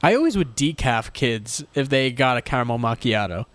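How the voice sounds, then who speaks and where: A man's voice: medium pitch, expressive, fairly quick, fairly bright tone. A young man co-hosting a casual comedy show, rambling and laughing often. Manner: rambling, giggly, meandering. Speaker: co-host.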